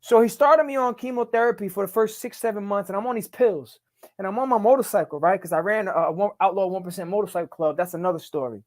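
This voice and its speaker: A man's voice: sits high, quick pace. A middle-aged man telling his life story as a podcast guest in emphatic, profane street talk. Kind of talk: casual storytelling.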